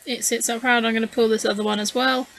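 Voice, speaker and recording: A woman hosting a scrapbooking channel narrates her craft video in a loose, hesitant, casual voice-over, her crisp, bright voice slightly high but delivered flatly. She is tired and yawny, rambling with frequent ums as she thinks aloud. The poor audio carries a little hiss or hum.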